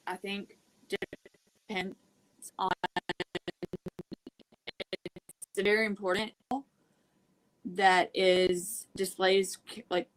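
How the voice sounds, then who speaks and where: Female speaker, very slow and hesitant, faint background noise on the clip. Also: medium pitch, rough recording. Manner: hesitant, searching for words.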